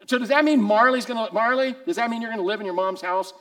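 Man in his sixties, pastor, high voice, teasing, casual sermon. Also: fast talker, a bit bright. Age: 60s. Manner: teasing, conversational, asks the group questions. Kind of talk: casual sermon to a small group.

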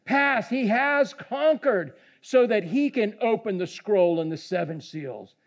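A man preaching a sermon, animated, swinging from hushed lines to shouting and joking with the congregation. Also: high voice, measured pace, lo-fi sound. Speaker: pastor.

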